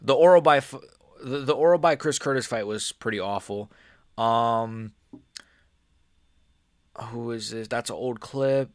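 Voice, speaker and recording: A man giving casual live-stream commentary as an MMA YouTuber, rambling and excitable, often restarting his sentences. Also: mid-range voice, measured pace, pauses often, dry recording, studio quality.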